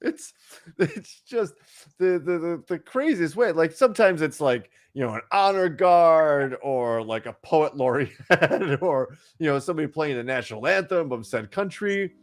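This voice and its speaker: A man's voice: on the high side, lively intonation, normal speed. A man co-hosting a casual news chat show, joking and rambling with plenty of restarts and fillers. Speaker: podcast co-host.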